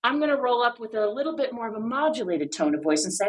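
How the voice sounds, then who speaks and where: A woman's voice: fairly high pitch, very animated, fast. A woman co-hosting a podcast, explaining ideas in an emphatic, playful way with many rhetorical questions. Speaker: podcast co-host.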